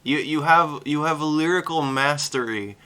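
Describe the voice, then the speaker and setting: A man's voice: a little high, moderate pace, bright, forceful tone, clean tone. A man streaming a reaction to a music video, chatting casually, laughing often and rambling with restarts.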